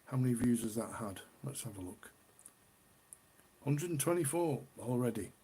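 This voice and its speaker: A man's voice: mid-range voice, lively intonation, moderate pace, warm tone, slightly rough. A middle-aged man from the UK hosting a casual beer live stream, chatty and rambling, often repeating himself. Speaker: beer livestream host.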